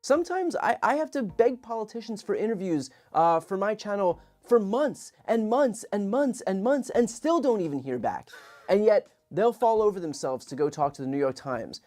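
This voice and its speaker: A woman's voice: mid-range voice, animated, normal speed, warm tone, soft background music. A woman political commentator in a played clip, complaining with a sarcastic edge.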